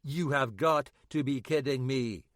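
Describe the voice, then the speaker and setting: A man's voice: medium pitch, measured pace, no room sound, studio quality, lightly acted. A man voicing a defensive, nervous man whose voice wavers. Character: evasive, nervous middle-aged man. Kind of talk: audiobook character voice.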